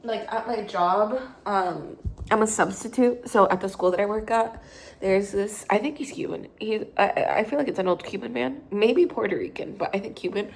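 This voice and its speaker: Tired, gravelly young woman chatting. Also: medium pitch. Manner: rambling, filler-heavy, self-correcting. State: tired and hungover, out of breath. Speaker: vlogger. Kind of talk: casual chat while making coffee. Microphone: phone held low.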